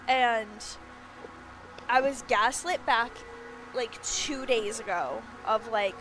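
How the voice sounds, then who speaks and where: A woman's voice: a little high, expressive, takes it slowly, a bit bright, slight background noise. A young woman streaming, chatting casually in a rambling way and swearing freely. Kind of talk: casual chat.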